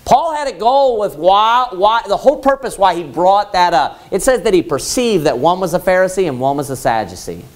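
Animated high-voiced male preacher. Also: normal speed, hardly any pauses. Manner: animated storytelling with rhetorical questions. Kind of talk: Baptist sermon. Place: church.

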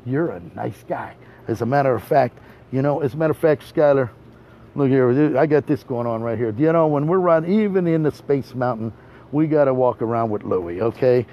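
A tour guide leading a boat tour talks a little fast in a mellow, medium-pitched voice. His brash, teasing monologue is aimed straight at the listener, and he repeats himself for effect. The recording is dull, with motor noise.

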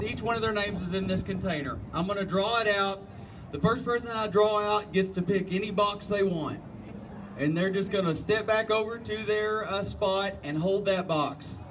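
A man hosting a contest, announcing a prize draw and explaining the rules in a folksy, step-by-step way. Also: high voice. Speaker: contest host. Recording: distant mic, noisy outdoor event.

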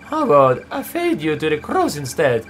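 A man's voice: fairly high pitch, huge pitch swings, normal speed, fairly bright tone, a little hiss or hum. A man voicing a cold, menacing male spirit villain who taunts and mocks, reading game dialogue aloud.

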